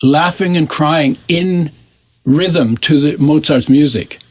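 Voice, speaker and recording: An older man in his eighties with a husky, slightly raised voice, speaking as an interview guest. He recounts his past thoughtfully and searches for words, often leaving sentences hanging. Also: on the high side, slow, a little mellow, no echo. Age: 80s. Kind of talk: reflective personal storytelling in an interview.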